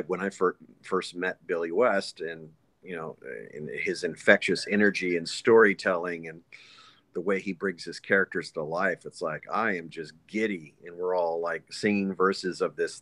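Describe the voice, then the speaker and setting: A man with a fairly low voice, talking as a guest in a relaxed interview. He tells animated stories and jumps quickly between tones as he talks. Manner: animated, lively anecdotes with quick voice shifts. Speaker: voice actor guest. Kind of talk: casual interview storytelling.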